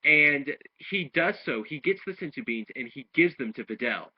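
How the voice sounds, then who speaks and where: Here the speaker's voice sits a little high and slightly rough, with lively intonation and normal speed. He casually reviews an anime episode, retelling the plot in a rambling way with restarts and performing the characters' lines, captured in dull lo-fi audio from home.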